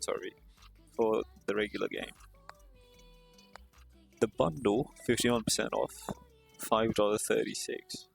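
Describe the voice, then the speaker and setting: A man's voice: medium pitch, creaky. A male streamer chatting casually on a live stream, tired and rambling in a self-deprecating way.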